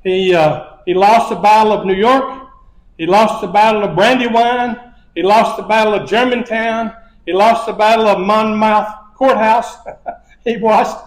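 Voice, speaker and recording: A man giving a church lesson, telling history stories with repeated phrases and small chuckles. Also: high voice. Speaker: preacher. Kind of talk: sermon lesson. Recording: echoey church hall.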